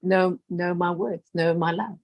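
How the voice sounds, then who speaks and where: A woman telling a heartfelt personal story in an earnest, emotional way. She repeats phrases, laughs softly, and often drops to a hushed voice. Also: on the low side, fairly even intonation, measured pace.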